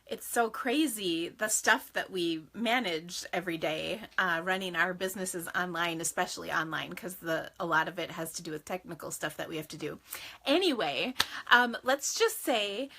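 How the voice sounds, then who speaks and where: A woman's voice: fairly low pitch, normal speed, sharp tone. A woman hosting a casual craft livestream from her home craft room, chatting with sing-song greetings and lots of fillers.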